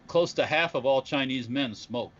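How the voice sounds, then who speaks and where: A man's voice: medium pitch, normal speed, a bit bright, highs cut off. A man co-hosting a casual podcast, talking in a rambling, joking way. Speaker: podcast co-host. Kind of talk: casual chat.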